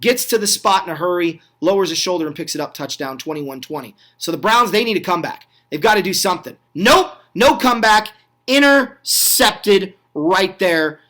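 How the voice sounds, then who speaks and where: High-voiced man narrating football clips. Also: quick pace, hardly any pauses. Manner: excited, chatty, asks the viewer questions, with small slips and self-corrections. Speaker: host of a retro football review channel. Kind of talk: casual play-by-play voice-over on game clips.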